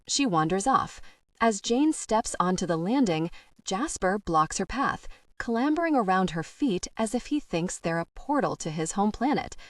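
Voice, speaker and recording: A woman narrating a young adult audiobook in a measured and expressive way. Her mid-pitched voice is dry, with no room sound. She sits a little back from the microphone. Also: no room sound. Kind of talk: scripted narration. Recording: dry, slightly distant mic.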